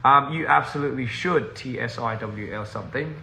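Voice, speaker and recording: A man's voice: medium pitch, brisk, gravelly, sharp tone, echoey room, a little hiss or hum, rough recording. Rambling man on a phone livestream. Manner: rambling, easily sidetracked, laughs often; mixes in Korean and scraps of other languages. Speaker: recording artist on a livestream. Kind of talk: casual livestream chat with viewers. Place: in a house.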